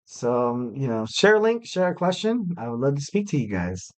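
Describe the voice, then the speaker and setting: This young wrestling podcast host, alone at the mic, sounds very animated, with a medium pitch and a moderate pace. His chat is casual and rambling, heavy on filler words, and dotted with self-deprecating quips.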